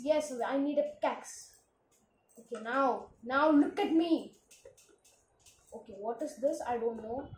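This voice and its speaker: High-voiced excitable woman gaming. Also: reverberant, a little hiss or hum, rough recording. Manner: excitable, frequent exclamations. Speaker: gaming channel host. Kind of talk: casual game commentary.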